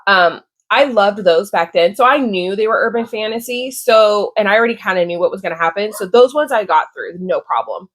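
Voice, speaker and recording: A woman's voice: medium pitch, expressive, brisk, hardly any pauses, dry recording. A young woman vlogging casually about books, emotional and gushing, with lots of filler words. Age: young adult. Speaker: book vlogger. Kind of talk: casual chat.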